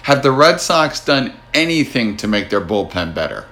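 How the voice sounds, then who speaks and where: A man's voice: medium pitch, sing-song, moderate pace, bright, forceful tone. A man with a New Jersey accent hosting a casual sports podcast, talking in a wry, teasing, easygoing way. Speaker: podcast host.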